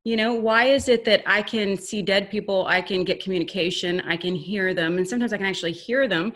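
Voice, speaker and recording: A woman's voice: medium pitch, a little fast, fairly bright tone. A woman co-hosting a casual spiritual chat, talking in an earnest, rambling, self-questioning way. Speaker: podcast co-host.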